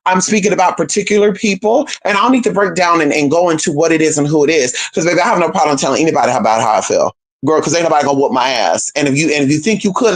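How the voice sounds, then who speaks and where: A woman hosting a livestream, talking straight to viewers in a sassy, emphatic, swearing monologue, calling them girl and babe. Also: mid-range voice. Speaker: livestream host.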